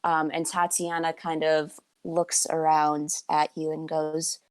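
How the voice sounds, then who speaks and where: A woman narrating a tabletop game as game master in a relaxed, hedging way. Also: sits low, slow pace, few pauses, clean tone, no echo.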